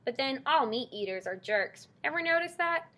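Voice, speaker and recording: A woman's voice: high voice, lively intonation, normal speed, bright, forceful tone, voice pushed up, heavily acted. A woman reading an audiobook, voicing a grumpy, scornful old male porcupine who bellows insults. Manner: scornful, bellowing, name-calling.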